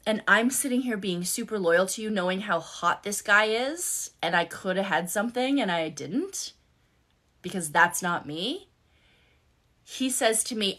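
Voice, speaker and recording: A woman's voice: medium pitch, expressive, measured pace, sharp tone. A woman life coach telling a personal story on a live stream, speaking bluntly and emphatically and swearing freely. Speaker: life coach and content creator. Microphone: phone.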